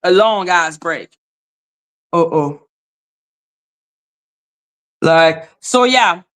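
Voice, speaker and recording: A woman with as her ranting bluntly on a live stream, swearing freely, dropping to flat mutters and jumping to high exclaims. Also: very slow. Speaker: livestream host. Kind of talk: casual live-stream rant.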